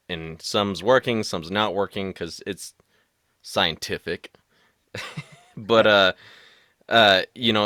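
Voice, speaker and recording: A man hosts a casual podcast in a lowish but bright voice. The sound is dry and close, with no room around it. He is chatty and adds joking asides. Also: no room sound. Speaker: podcast host.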